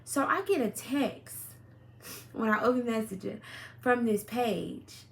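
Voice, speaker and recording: A young woman telling a story about her relationship in a casual vlog, blunt and profane, with sudden loud outbursts. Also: on the high side, lively intonation, measured pace, creaky. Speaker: storyteller vlogger.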